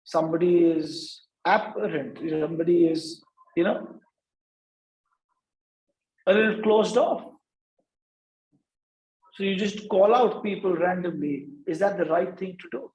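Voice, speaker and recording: A man's voice: high-pitched, unhurried, pauses often, a little mellow, roomy sound, low-quality recording. A man from India giving a lecture at a business workshop, stopping after nearly every point to ask "right?". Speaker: workshop speaker. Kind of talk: lecture to students.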